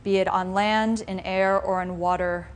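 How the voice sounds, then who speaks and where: A woman's voice: medium pitch, flat delivery, a little slow, clear, resonant tone, lightly acted. A woman voicing a generous, noble male king in a told fable, speaking earnestly. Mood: solemn. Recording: faint room noise in a live class.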